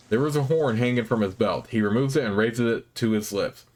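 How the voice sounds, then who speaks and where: Man reading game text aloud, measured. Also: medium pitch, a little mellow. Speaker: let's play host.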